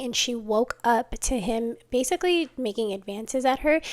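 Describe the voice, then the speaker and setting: A woman telling a friendship drama story in a chatty, casual way, full of "like" and fillers. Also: on the high side. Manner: chatty, lots of "like", gossipy retelling. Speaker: commentary vlogger.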